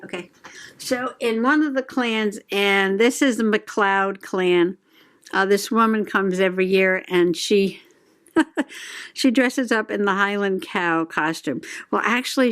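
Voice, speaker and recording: A middle-aged woman from the United States talks at an unhurried pace in a rambling, friendly crafting chat. She giggles often and drifts from one thought to the next while she works. Her pitch sits in an ordinary middle range. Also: smooth. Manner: chatty, giggly, slow and rambling. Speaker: journaling channel host.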